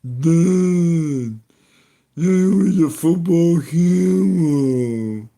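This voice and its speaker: Man doing a dopey, dazed teen jock, high and whiny, slow and loud. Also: creaky, exaggerated voice. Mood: dopey whine. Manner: drawn-out, high, dopey whine. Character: dazed teenage boy football player, slow, whiny.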